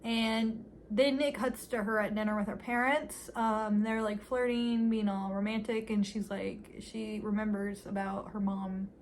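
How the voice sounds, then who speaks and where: A woman's voice: mid-range voice, fairly even intonation, measured pace, few pauses, slight background noise. A woman casually recapping a movie's plot for a review, telling it in a chatty, filler-heavy way with wry asides.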